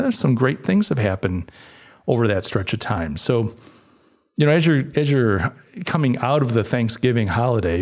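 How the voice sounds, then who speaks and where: A man's voice: mid-range voice, gravelly, darkish tone. A middle-aged man hosting a podcast, talking through his thoughts in a casual, reflective monologue with frequent fillers and restarts. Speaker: podcast host.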